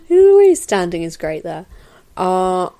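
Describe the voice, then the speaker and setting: Slow, gravelly woman chatting over a film. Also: lowish voice, dark tone. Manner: chatty and meandering, with frequent fillers and laughs. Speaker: podcast host doing a film commentary. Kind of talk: casual film commentary. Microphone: new podcast mic.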